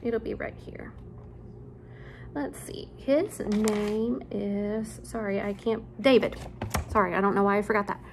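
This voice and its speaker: A woman's voice: medium pitch, fairly even intonation, a little slow, slight background noise. A woman teacher at home, chatting casually with her students and retelling a story in an informal way, with frequent ums and asides. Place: at home, near a laundry room.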